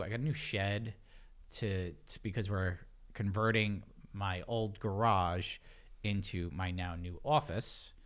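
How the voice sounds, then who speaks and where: Animated, swearing guy. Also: fairly low pitch. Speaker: podcast co-host. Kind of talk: casual chat.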